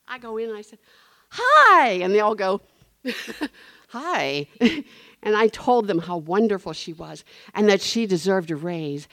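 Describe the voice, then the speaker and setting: A woman's voice: on the low side, dry recording. A middle-aged woman speaking at a recovery meeting, telling a personal story and acting out the dialogue. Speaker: speaker sharing her story.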